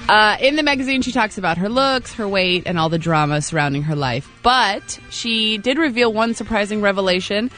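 A male radio presenter reading the entertainment news in a chatty, amused way. His tone is bright and forward. Faint music plays underneath. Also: sits high, fairly quick, hardly any pauses. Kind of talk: radio showbiz segment.

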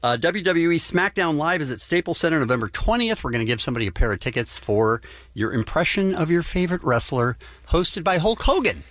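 An upbeat man hosting morning radio and taking listener calls. His pitch moves a lot as he talks, and he sounds dry and close to the mic. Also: very animated, brisk, a bit bright, dry recording. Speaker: radio show host.

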